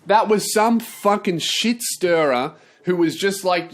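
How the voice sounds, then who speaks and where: A male vlogger delivering a profane, sarcastic rant with plenty of energy. His voice sits a little higher than most men's. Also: slow pace. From not from the United States. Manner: sweary, sarcastic, animated. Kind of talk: profane ranting commentary.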